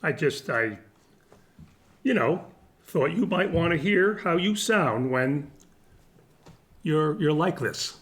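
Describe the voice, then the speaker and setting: A clueless sitcom husband who stammers, hedges and wisecracks his way out of trouble. His voice sits fairly high and moves around a lot. It is a table read heard over a video call. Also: lively intonation, slow pace, long pauses, fairly bright tone. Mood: defensive. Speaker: actor in a reunion table read.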